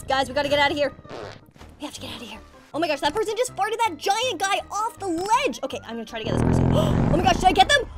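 A bubbly young woman narrates her gameplay in a high, sing-song voice that leaps all over the place. She gasps and squeals as she plays, with game music running behind her. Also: wildly swooping pitch, brisk. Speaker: gaming channel host. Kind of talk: excited gameplay commentary.

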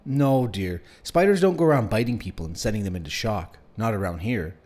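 A man reading a book aloud, voicing a worried but gently reassuring mother. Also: lowish voice, expressive, a little fast. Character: worried caring mother, calm and soothing.

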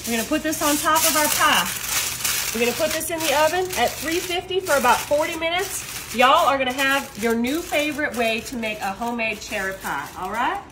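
A woman's voice: high-pitched, animated, brisk, background noise. A woman hosting a casual cooking demonstration, chatty and enthusiastic. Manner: chatty and enthusiastic, often saying "y'all". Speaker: cooking video host.

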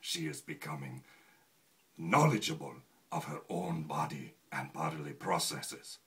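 A man voicing a formal male schoolteacher who has a very deep voice and speaks stiff, careful English. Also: a little slow, fairly bright tone, full character voice. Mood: earnest, lecturing.

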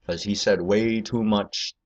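Low male host, profane rambling rant, muffled lo-fi sound. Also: fairly even intonation, unhurried. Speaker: political video host. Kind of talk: profane ranting commentary.

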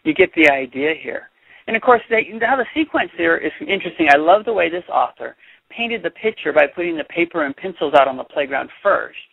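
Man reading a picture book to a class, animated and chatty; husky, dry, phone-line audio. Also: on the high side, brisk, no room sound. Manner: animated, chatty, stops to explain. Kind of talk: read-aloud storytelling with commentary. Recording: dry, tinny phone-like sound.

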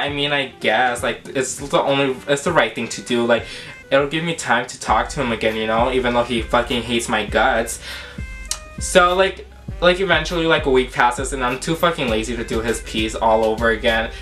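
A man's voice: mid-range voice, a bit bright. A young man telling a storytime vlog in a sassy, dramatic, profane way, full of fillers. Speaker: vlogger.

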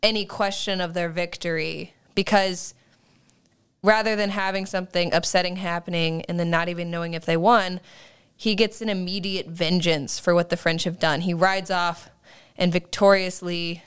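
A woman's voice: fairly low pitch, steady tone, normal speed, clear, resonant tone. A young woman co-hosting a podcast, wryly recapping film scenes in casual chat. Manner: wry, recaps scenes with mock quotes. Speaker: podcast co-host.

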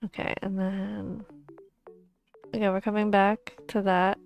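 A young woman streaming a pet game, gushing and cooing over the animals and often dropping into soft whispers. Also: medium pitch, level tone, a little slow, vocal fry, pauses often. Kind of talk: casual gaming stream chatter. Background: faint background music.

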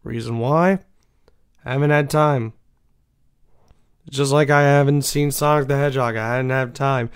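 A young man talks at a slow, unhurried pace, wandering from thought to thought with plenty of fillers and false starts. His voice comes through smooth and clear as he chats casually as the host of his own show. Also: mid-range voice, steady tone. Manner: rambling, many fillers and restarts. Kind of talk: casual solo chat.

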